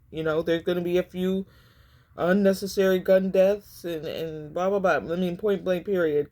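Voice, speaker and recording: A woman with a low-leaning, darkish voice gives an informal tarot reading at a moderate pace, her tone steady. She speaks emphatically to her viewers, calling them y'all and repeating herself for effect.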